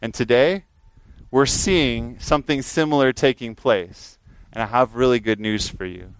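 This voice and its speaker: A man preaching a sermon earnestly, rising to emphatic peaks and dropping to a quiet, prayerful tone. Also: mid-range voice, unhurried, smooth, dry recording, poor audio.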